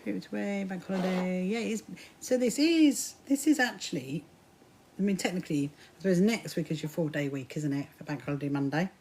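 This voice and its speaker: A woman's voice: fairly low pitch, fairly quick, a little mellow, a little hiss or hum. A woman with a mixed Kentish and Sussex English accent, chatting casually with livestream viewers while she sews, greeting them by name and laughing often. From south coast of England. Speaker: livestream host. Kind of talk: casual chat while sewing.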